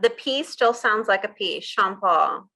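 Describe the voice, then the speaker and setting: A woman's voice: medium pitch, expressive, a little slow, vocal fry, pushed and bright. A woman hosting a casual interview chat, upbeat, repeating words back and laughing at her own slips. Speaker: host.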